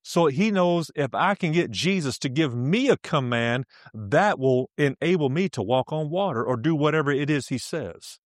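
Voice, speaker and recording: A man's voice: a little high, expressive, normal speed, no room sound, clean studio sound. A male preacher teaching a sermon, emphatic, repeating key phrases and laughing often as he speaks.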